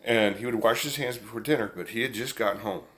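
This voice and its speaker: A man's voice: fairly low pitch, fast talker, fairly bright tone, slight background noise. A man telling a family story in a casual, folksy, rambling way, chuckling along as he goes. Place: indoors, room with an amplifier.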